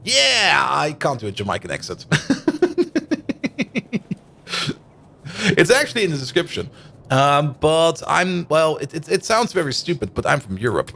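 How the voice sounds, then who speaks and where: A man's voice: on the high side, sing-song, normal speed, vocal fry, pushed and bright. A man in his thirties with a Dutch-German accent who grew up in Germany, casually thinking aloud as he streams a game and chats with viewers. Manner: thinks aloud while playing, chatty, laughs easily. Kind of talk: casual let's-play commentary.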